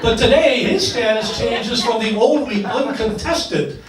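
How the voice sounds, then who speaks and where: A man's voice: extremely high pitch, a little slow, a loud crowd. A man in his sixties, the father of the bride, giving a joking, emotional wedding speech, getting choked up at times. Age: 60s. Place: wedding reception hall. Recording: echoey hall, distant mic, noisy.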